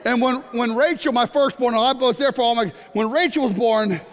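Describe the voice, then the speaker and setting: A middle-aged man preaching a sermon, animated and jokey, breaking into sudden shouts. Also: extremely high pitch, normal speed. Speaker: pastor. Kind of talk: sermon with comic stories. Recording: long hall reverb.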